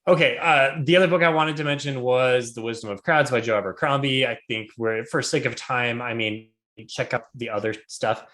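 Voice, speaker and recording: A man's voice: medium pitch, normal speed, hardly any pauses, sharp tone. A man co-hosting a book podcast, moderating the chat in an upbeat, joking way. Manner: upbeat, joking, steers the talk.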